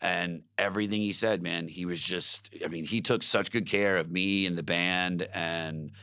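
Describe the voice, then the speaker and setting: A man's voice: sits low, steady tone, normal speed, bright, forceful tone, clear, resonant tone. A man, a comedian, telling stories in a casual podcast chat, swearing freely and acting out what others said. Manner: swearing storyteller, acts out quotes. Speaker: comedian guest.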